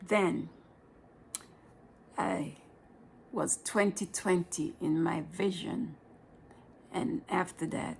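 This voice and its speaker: Slow, gravelly Jamaican woman. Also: fairly low pitch, fairly even intonation, darkish tone, a little hiss or hum. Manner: unhurried, plain-spoken, often dropping to a breathy whisper. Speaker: vlogger telling her life story. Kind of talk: personal storytelling vlog.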